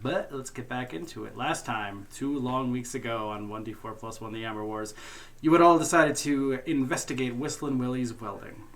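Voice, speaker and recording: A man narrating and hosting a tabletop game as game master, relaxed and jokey, often laughing. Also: medium pitch, moderate pace.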